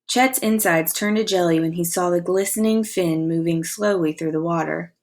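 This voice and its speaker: Expressive woman teacher reading aloud. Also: fairly low pitch, moderate pace. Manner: expressive storytelling with comprehension questions. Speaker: elementary school teacher. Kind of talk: reading a novel aloud to a class.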